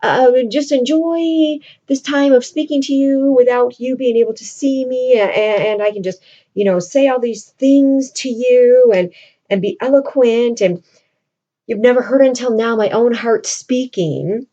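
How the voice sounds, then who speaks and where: A woman putting on a lovesick poet-soldier who trips over his words, his voice pitched higher and brighter than his teller's own. He gushes, catches himself and stammers to cover his tracks. The recording sounds muffled and lo-fi. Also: measured pace. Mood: earnest. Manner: stammering, breathless, emotional. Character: eloquent, flustered French swordsman-poet man.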